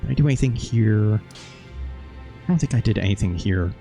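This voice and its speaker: A man hosts a gaming video, recapping his playthrough in rambling let's-play commentary and swearing offhandedly. His fairly low, mellow voice is expressive and a little fast, with faint music behind him.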